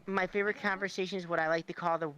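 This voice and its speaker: A man's voice: sits high, steady tone, muffled recording, very noisy. A man in casual chat, jumping in and telling a story. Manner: quick interjections, storytelling.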